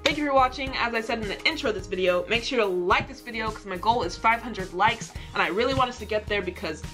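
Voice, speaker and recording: Young american woman doing a reaction vlog, chatty, pokes fun at herself, bright voice. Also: on the high side, fast talker, faint music behind. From United States. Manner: chatty, self-mocking, laughs easily. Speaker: reaction video host. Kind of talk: casual reaction commentary.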